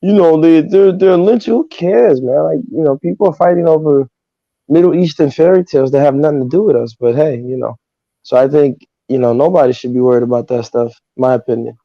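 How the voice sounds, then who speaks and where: A man calling in to a livestream, loud, blunt and joking. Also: on the high side, a little fast, dry recording. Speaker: caller. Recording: dry, dull lo-fi call line.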